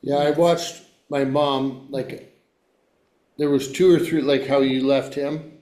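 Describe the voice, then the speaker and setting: A man hosting a podcast who asks his questions in a halting, conversational way, with restarts and trailing sentences. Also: medium pitch, steady tone, dark tone. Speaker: podcast host. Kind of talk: conversational interview. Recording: roomy echo.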